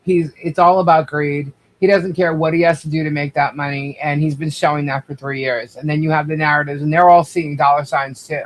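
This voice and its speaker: A woman co-hosting a livestream, speaking in a calming, halting way with many fillers and restarts. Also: low-pitched, low-quality recording. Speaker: co-host. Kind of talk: livestream commentary.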